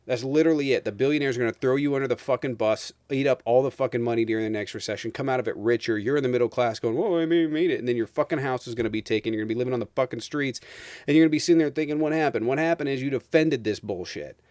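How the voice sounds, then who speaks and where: A man in his thirties hosting a home livestream, going off in a heated, profanity-laced political rant. His voice sits at an ordinary middle pitch, and the sound is close and dry, with no room around it. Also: racing, darkish tone, no room sound. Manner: profane, ranting, emphatic. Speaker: streamer host.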